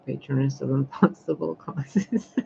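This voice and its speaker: A man's voice: mid-range voice, unhurried, vocal fry, mellow. A man reading tarot and oracle cards on a livestream, musing and playful, talking to the cards, with a muffled recording and faint hiss. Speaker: tarot and oracle card reader.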